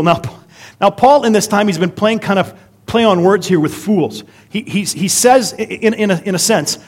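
A man preaching in a relaxed, conversational sermon style, his voice sitting a little higher than most men's. He keeps things lively with rhetorical questions and chatty asides to his listeners. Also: normal speed, breathy edge.

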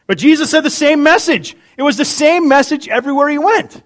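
Animated, high-voiced male pastor. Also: fast talker. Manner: animated, humorous, swings between loud emphasis and quiet asides. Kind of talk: sermon.

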